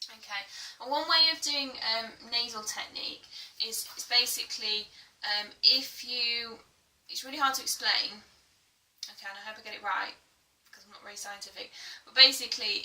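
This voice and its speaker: A woman singing teacher gives a chatty vocal tutorial full of fillers, breaking into belted sung demonstrations at a moderate pace. Her voice is a little high, pushed and bright, recorded a little off-mic from a distance in an echoey room with faint music.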